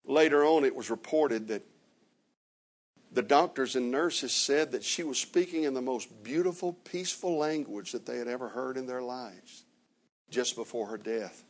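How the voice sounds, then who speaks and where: A man preaching a sermon, slowly retelling a story with many reported quotes and dramatic pauses. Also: mid-range voice. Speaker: traveling preacher.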